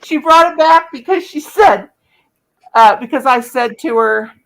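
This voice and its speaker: A woman's voice: high-pitched, animated, a little slow, a bit bright, rough recording. A woman hosting a casual livestream, chatty and folksy, greeting viewers by name. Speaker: livestream host.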